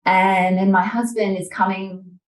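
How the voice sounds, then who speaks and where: A woman's voice: mid-range voice, level tone, a little slow. A woman, a mother of young children, telling a personal story in an interview and acting out her own panicked thoughts. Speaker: interview guest. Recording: distant, echoey room sound.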